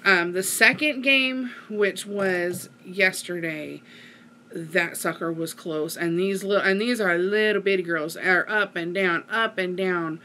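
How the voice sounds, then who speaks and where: A woman's voice: on the low side, measured pace, pushed and bright, slight background noise. A middle-aged woman, chatting casually to her viewers and rambling through a story with lots of fillers. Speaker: vlogger.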